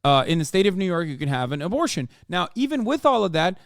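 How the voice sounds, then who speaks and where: A male streamer ranting at his chat during a live reaction stream, profane and combative, often yelling. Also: high voice, very animated, fast talker, no echo, clean studio sound.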